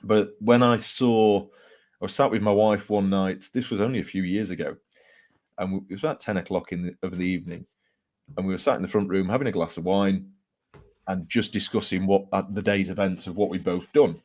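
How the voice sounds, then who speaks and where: A man's voice: sits low, fairly quick. A man, a book author telling ghost stories casually, with laughs and fillers. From England. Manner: animated storyteller with fillers and laughs. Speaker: author guest. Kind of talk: casual storytelling interview.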